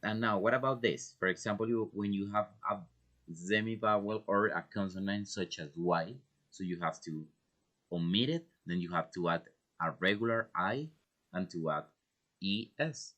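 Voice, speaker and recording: A man's voice: lowish voice, moderate pace, fairly bright tone. A man teaching English pronunciation, patiently explaining step by step with examples. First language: Spanish. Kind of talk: online English pronunciation lesson.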